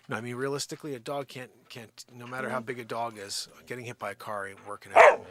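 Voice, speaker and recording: A man's voice: mid-range voice, steady tone, fast talker, crowd noise. A man hosting a live daily stream, chatting casually and joking as he tells a story and talks to his dogs. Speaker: livestream host.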